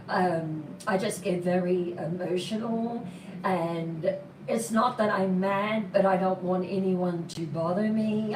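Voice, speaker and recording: A woman hosting a live horror storytelling stream, warmly greeting viewers by name in an affectionate, drawn-out way. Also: lowish voice, background noise. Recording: roomy, distant mic with music behind. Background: music.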